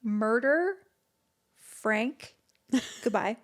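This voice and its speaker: A woman's voice: a little high, lively intonation, extremely slow. A woman co-hosting a podcast, chatting casually in a giggly, self-deprecating way. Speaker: podcast co-host. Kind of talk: casual chat.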